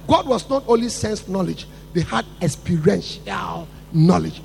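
A man preaching a sermon with emphatic build-ups, repeating words and rising to shouts. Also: high-pitched, expressive, a little slow, gravelly, hardly any pauses, a little hiss or hum.

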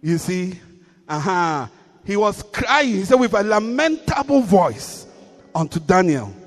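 A man's voice: sits high, very animated, unhurried, long reverb tail. A man preaching a sermon, reading scripture and repeating key lines with rising emphasis.

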